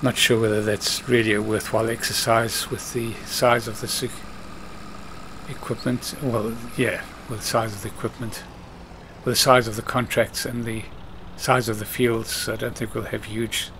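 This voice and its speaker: A man's voice: on the low side, flat delivery, moderate pace, a bit bright, slight background noise. Chatty man narrating a farming game. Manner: chatty, talks to himself and the game characters. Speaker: let's play host. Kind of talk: casual gameplay commentary.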